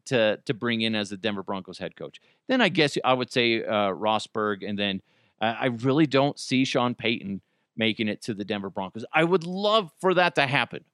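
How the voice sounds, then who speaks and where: A man's voice: medium pitch, a bit bright, no room sound, clean studio sound. A man hosting his own podcast, talking casually and jokingly, rambling with frequent restarts. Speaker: podcast host. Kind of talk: casual solo podcast monologue.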